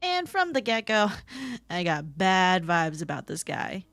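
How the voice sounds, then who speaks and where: Woman, opinionated commentary narration, animated pitch, dry close sound. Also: measured pace, no room sound. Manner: opinionated, storytelling.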